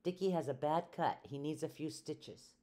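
Woman reader as a busy male doctor in a storybook: impatient, brisk orders. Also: sits low, mellow, natural voice.

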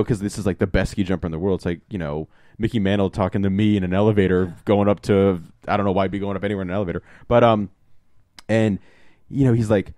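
Young male podcast host, low voice, dry close sound, rambling and profane. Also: steady tone, quick pace, mellow, no room sound. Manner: rambling, swears often, many fillers and restarts. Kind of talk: casual movie review chat.

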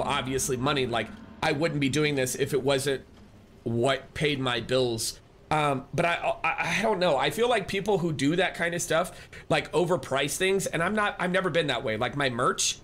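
A man's voice: fairly high pitch, fairly bright tone. A man live-streaming, chatting casually and rambling as he answers viewers and thanks them. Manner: rambling, restarts often, reads chat aloud.

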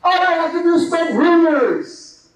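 A man's voice: extremely high pitch, expressive, measured pace. A man voicing a male devil who gloats and sneers at humankind. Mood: gloating. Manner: sneering, taunting. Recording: echoey hall, distant mic.

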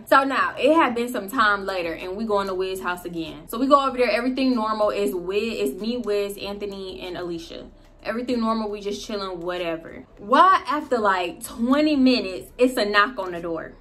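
A woman vlogger in the middle of a story, talking casually and with a lot of energy. Her speech is loaded with slang and profanity, and she throws in quick laughing asides. Her voice sits at a middle pitch. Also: a bit bright.

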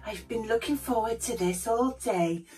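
A woman voicing a cheerful puppet who gently teaches children a calm breathing exercise step by step. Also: on the high side, moderate pace, distant mic, faint music behind, natural voice, rough recording. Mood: encouraging. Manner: gentle, encouraging, explains step by step.

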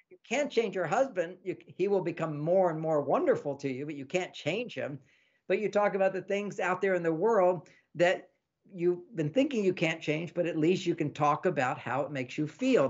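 Pitched high and speaking at a moderate pace, a man comes through on dull audio as an author guest in an interview. He explains ideas like a teacher, repeating lists, and livens things up by acting out dialogue.

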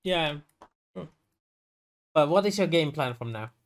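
A man running a tabletop game as game master, narrating with hesitant pauses and fillers. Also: a little high, expressive.

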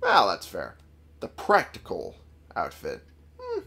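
A man's voice: deep voice, huge pitch swings, takes it slowly, creaky, bright, forceful tone, husky. A man casually commenting on a game he is playing, goofy and joking, swearing freely. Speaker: let's play gamer.

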